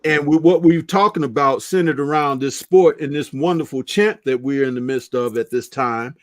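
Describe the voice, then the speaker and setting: A man's voice: medium pitch, normal speed, no room sound. A man on a boxing talk panel speaking earnestly and preachily, driving his points home with "okay" asides. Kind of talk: casual panel chat.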